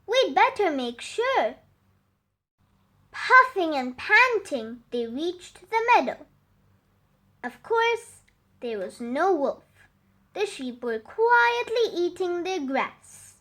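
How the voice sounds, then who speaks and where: A woman reading a fable aloud for children in a slow, expressive, sing-song way. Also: very high voice. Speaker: storyteller.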